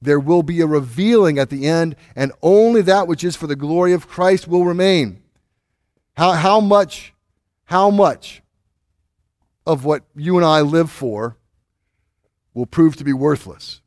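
A man's voice: on the high side, normal speed, darkish tone, no room sound, clean studio sound. A male pastor preaching a sermon in a conversational, teaching way, often restarting phrases and building to emphatic peaks. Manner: conversational teaching with many restarts, rising intensity.

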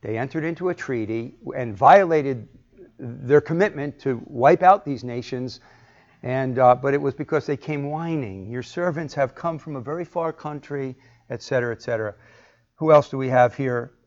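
A man teaching a Bible class, asking the group questions and acting out the lines he quotes. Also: mid-range voice. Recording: muffled lo-fi recording.

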